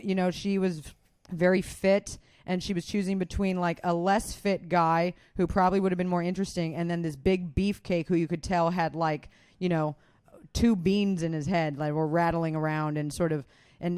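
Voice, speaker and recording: A comedian co-hosting a podcast chats candidly indoors, swearing freely and making fun of herself. Her voice is fairly low, a little mellow and smooth, with no room sound.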